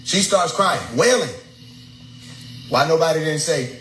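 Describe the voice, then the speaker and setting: Young man, slightly high voice, animated and preachy storyteller who swears freely, echoey room with faint noise. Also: a little slow. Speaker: speaker addressing his followers. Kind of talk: casual storytelling lecture.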